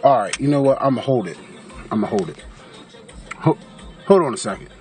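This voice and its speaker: A man's voice: mid-range voice, fairly quick, soft background music. A man casually telling a story to his camera, cursing freely and acting out the voices of the people in it. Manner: animated, profane, acts out quoted voices. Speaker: vlogger.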